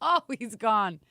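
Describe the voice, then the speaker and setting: Woman co-host, 30s, light rasp, casual stream banter, mid pitch. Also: sharp tone, dry recording, studio quality. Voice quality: slight rasp. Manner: chatty, reads viewer comments aloud, laughs often. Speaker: morning show co-host. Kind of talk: casual live-stream chat.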